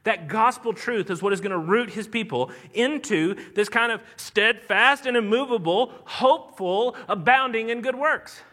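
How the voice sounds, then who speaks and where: A man with a regional Southern American accent preaches a church sermon in an earnest, conversational manner. His voice sits high and sounds bright and forward. He restarts phrases and then swells into emphatic lines. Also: normal speed, hardly any pauses. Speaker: pastor. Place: church sanctuary.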